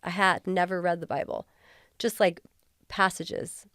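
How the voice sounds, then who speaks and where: A former police officer appears as a guest on an interview podcast, talking openly and earnestly with plenty of casual filler words. Her voice is fairly low, bright, and evenly pitched, and she takes her time. The close podcast mic leaves no echo.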